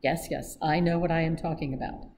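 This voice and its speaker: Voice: mid-range voice, steady tone, fairly quick, darkish tone, slight background noise, close to an everyday voice. A reader voicing a pompous older foreign baron in an audiobook reading, speaking stiffly and formally with oddly scrambled word order. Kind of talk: read-aloud audiobook acting.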